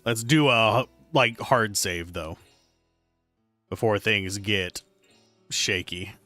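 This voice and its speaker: A man's voice: on the low side, takes it slowly, bright, forceful tone, no echo, faint music behind. A man streaming a game live, chatting casually and joking while reading game text aloud. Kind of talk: casual live gameplay commentary.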